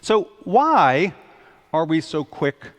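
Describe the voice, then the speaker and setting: A pastor delivers a sermon with easy humor, shifting into animated, exaggerated voices for the people he describes. His voice sits a bit high for a man. It rings out with the long reverb of a church sanctuary. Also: slow. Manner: conversational, animated, acts out quoted outbursts.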